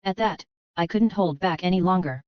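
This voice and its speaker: A woman narrating a first-person story in a steady, even reading voice. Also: lowish voice, normal speed, dry recording, lo-fi sound. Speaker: audiobook narrator.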